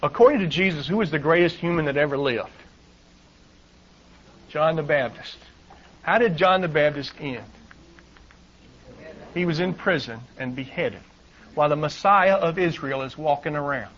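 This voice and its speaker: A man's voice: fairly high pitch, moderate pace, pauses often, fairly bright tone, highs cut off. A middle-aged man preaching a sermon, reading scripture aloud and adding wry asides with chuckles. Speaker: pastor. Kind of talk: sermon, Bible teaching.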